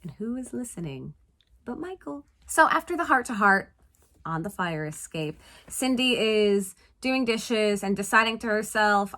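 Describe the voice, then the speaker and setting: A woman hosting a casual movie-recap vlog, talking in an animated, playful way with sarcastic asides. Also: mid-range voice, a little slow. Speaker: vlog host reviewing a film.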